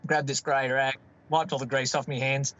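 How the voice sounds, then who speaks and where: A man's voice: medium pitch, flat delivery, moderate pace, fairly bright tone, lo-fi sound. A middle-aged man with an Australian accent, telling family stories in a casual, rambling way. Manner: rambling, self-interrupting, laughs at his own stories. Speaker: guest. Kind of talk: casual storytelling.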